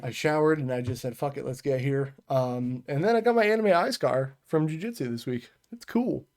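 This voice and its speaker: This podcast co-host, speaking from home in a medium-pitched, slightly mellow voice at normal speed, chats casually through meandering stories of his workday. He swears along the way and frequently loses track of what he was saying.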